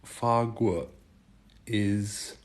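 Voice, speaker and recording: A man from Germany hosting a casual livestream, chatting with viewers and haltingly trying out Chinese phrases. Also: on the low side. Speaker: livestream host. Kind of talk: casual live chat answering viewers.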